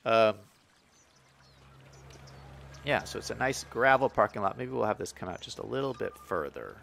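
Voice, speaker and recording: Lively chatty male game streamer. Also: lowish voice, brisk, vocal fry, a little hiss or hum. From Western United States. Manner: chatty, lively, reads chat aloud with frequent fillers. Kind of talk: casual live-stream chat, reading viewer comments.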